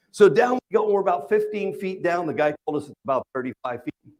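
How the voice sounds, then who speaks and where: Male keynote speaker, slightly high voice, lively pitch, working the room with questions. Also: a little fast. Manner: animated, asks the audience questions, jokes. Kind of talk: storytelling talk to a live audience. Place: conference stage.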